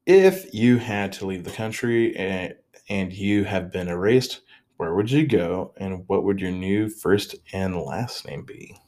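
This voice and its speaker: On his casual solo podcast, a young man with a very low, deep, darkish voice rambles and hops between topics, cracking self-deprecating jokes. His intonation is lively and his pace measured, yet he sounds a little mentally tired, often stalling and restarting sentences.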